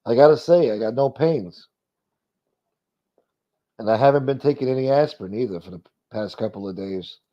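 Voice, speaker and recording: A man's voice: mid-range voice, normal speed, pauses often. A middle-aged man hosting a live stream, chatting casually and profanely as he reacts to viewer comments. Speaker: live stream host reading chat. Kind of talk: casual chat. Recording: dull lo-fi audio.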